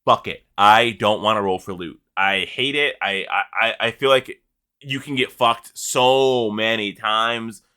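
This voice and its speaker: A man's voice: fairly low pitch, a little slow, sharp tone, clean tone. A man co-hosting a podcast, chatting casually about games and swearing freely as he talks. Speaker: podcast co-host. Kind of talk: casual gaming chat.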